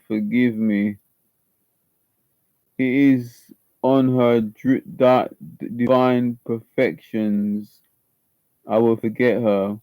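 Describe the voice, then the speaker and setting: A man performing an audition monologue as a tormented young man fighting a guilty love, halting and stumbling over words. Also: mid-range voice, clear, resonant tone, no room sound. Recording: slightly muffled lo-fi recording.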